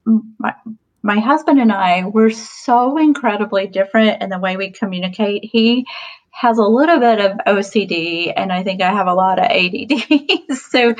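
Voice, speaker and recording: A woman in her forties, mid-range in pitch, chats casually as a podcast guest telling stories. She's talkative, laughs often, and uses many fillers. The recording is rough.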